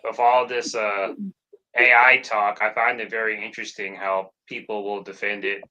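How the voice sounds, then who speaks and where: A man's voice: on the low side, moderate pace, muffled recording. A man co-hosting a wrestling podcast, ranting casually with some swearing. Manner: ranting, animated, profane. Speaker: podcast co-host. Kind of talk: casual chat.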